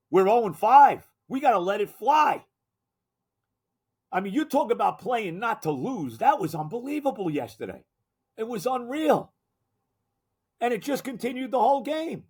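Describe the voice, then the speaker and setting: Older male podcast host, exasperated and emphatic, bright-pitched with a lively, animated delivery. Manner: exasperated, emphatic, repeats himself. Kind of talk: solo sports rant.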